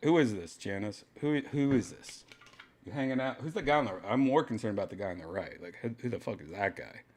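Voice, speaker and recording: Animated man host reacting with exasperation. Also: on the low side, a little fast. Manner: animated, exasperated, swears often. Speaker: podcast host. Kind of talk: casual reaction commentary.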